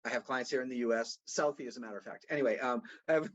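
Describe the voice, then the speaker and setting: A man races along in a mid-range, slightly bright voice, a Boston consultant guesting on a casual podcast whose accent is only faintly Boston and otherwise neutral American. He rambles through stories, restarting often; the recording is dull and lo-fi.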